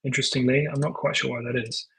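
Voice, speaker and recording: A man thinking aloud while he live-codes, muttering and halting, full of ums and self-corrections, now and then dictating prompts to the computer. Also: medium pitch, level tone, gravelly, very noisy. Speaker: tech founder live coding.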